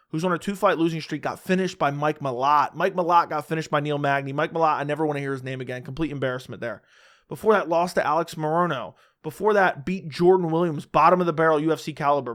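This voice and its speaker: A man's voice: on the high side, fairly bright tone. Blunt, opinionated man breaking down fights. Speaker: MMA fight predictor. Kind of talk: casual solo fight-prediction commentary.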